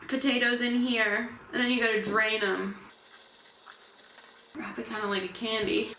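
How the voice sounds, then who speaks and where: A woman's voice: fairly high pitch, echoey room, distant mic, noisy background. A woman hosting her own cooking vlog, chatting casually and unsure of herself as she cooks in a home kitchen. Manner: chatty, unsure, self-deprecating while working. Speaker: cooking vlogger.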